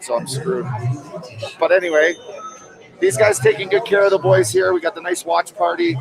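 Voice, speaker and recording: A man hosting a podcast live in a busy hotel bar, talking casually, energetic and profane. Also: high voice, moderate pace, gravelly, long pauses, music in the background. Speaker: podcast host. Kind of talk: casual chat. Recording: noisy crowded bar. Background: crowd chatter.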